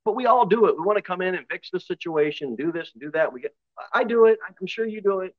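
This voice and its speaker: Northern US pastor preaching conversationally. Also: male voice, high-pitched, lively intonation, dry recording, highs cut off. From northern United States. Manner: conversational preaching with asides and quick impressions. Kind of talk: sermon.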